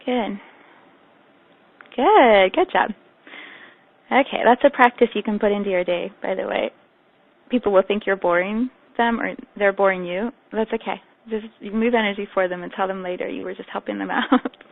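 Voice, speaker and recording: Woman meditation guide, gentle and affirming, slightly gravelly, tinny phone-line audio. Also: mid-range voice, fairly even intonation, fairly quick. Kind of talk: guided meditation on a group call.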